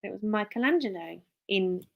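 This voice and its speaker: A woman's voice: medium pitch, lively intonation, normal speed, creaky, dull audio. A woman chatting casually on a live stream, rambling and restarting sentences as she reads out viewer names. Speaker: live streamer, work-from-home mum.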